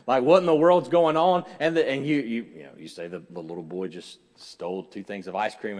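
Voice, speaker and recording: A man preaching a sermon as pastor, moving between quiet storytelling and loud, raised passages. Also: on the low side, slightly rough. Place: church sanctuary. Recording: long hall reverb.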